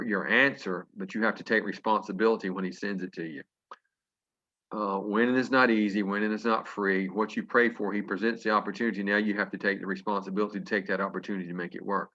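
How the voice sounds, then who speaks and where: A man telling a folksy story to an audience, lively and chuckling as he acts out what people said. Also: fairly low pitch. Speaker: business testimonial speaker. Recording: dull lo-fi conference call audio.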